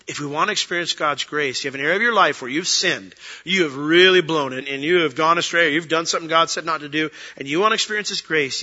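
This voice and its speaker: A middle-aged pastor preaching in a casual, conversational way, acting out quoted prayers and excuses. His voice is bright and edgy, sitting a bit high for a man. The sound is dull and carries a long hall reverb. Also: fast talker, few pauses. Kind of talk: sermon.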